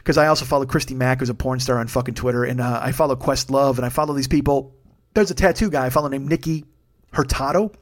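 Fast-ranting profane male comedian. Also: medium pitch. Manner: profane, fast ranting with bursts of raised intensity. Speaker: comedian podcast host. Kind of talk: solo comedic rant.

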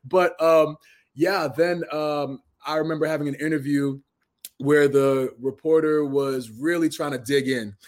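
A man's voice: fairly high pitch, steady tone, a little slow, darkish tone. A man in his thirties from Massachusetts telling stories as an interview guest, earnest and full of restarts. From Massachusetts, USA. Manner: earnest, storytelling, many restarts. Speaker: guest, pro wrestler. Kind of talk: casual interview talk.

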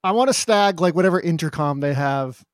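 A man's voice: on the high side, expressive, a little fast, no echo, studio quality. A man playing a tabletop role-playing game, joking about what his character says. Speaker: player. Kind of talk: casual tabletop role-play.

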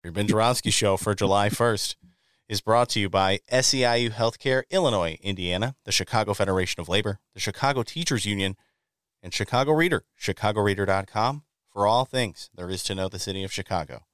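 A man's voice: on the low side, a little fast, fairly bright tone, clean tone, no room sound, clean studio sound. A man co-hosting a casual radio talk show, reading sponsor copy and bantering with the host. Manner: reads sponsor copy, then banters and teases. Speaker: co-host and announcer.

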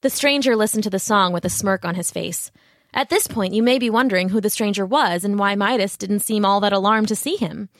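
A woman's voice: mid-range voice, brisk, dry recording, clean studio sound. Woman narrating a storybook tale. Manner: clear, steady retelling with asides to the listener.

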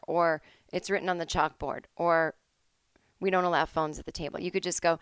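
Low-voiced woman telling stories. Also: a little fast, smooth, no echo, clean studio sound. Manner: animated storytelling, acting out quoted people in shifting voices. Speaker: podcast host. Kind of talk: casual comedic monologue. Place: at home.

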